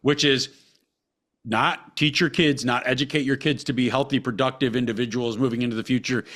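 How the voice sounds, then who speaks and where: A man's voice: medium pitch, fairly even intonation, brisk, a bit bright. A man co-hosting a podcast, ranting heatedly and profanely with lots of repetition. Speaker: podcast co-host.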